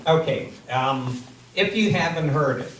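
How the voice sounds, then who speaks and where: A man's voice: on the high side, a little slow. A man telling a long shaggy-dog joke on a comedy theater stage, rambling with repeated words and restarts. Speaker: audience member telling a joke. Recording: echoey theater from far off with noise.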